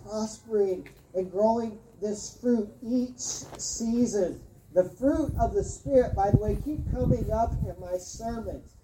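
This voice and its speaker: Woman preacher, earnest and emphatic, slow delivery, distant roomy sound, faint background hum. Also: medium pitch, warm tone. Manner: earnest, emphatic, with repeated words and pauses. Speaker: pastor. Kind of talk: sermon.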